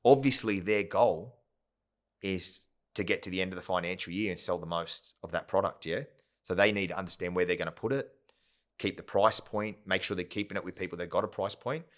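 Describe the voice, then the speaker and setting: Guest spot: man, low voice, rambling storyteller, keeps checking in with the listener. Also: a little fast, fairly bright tone. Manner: rambling, full of "yeah?" and "right?" tags. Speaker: podcast guest, company founder. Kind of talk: casual storytelling interview.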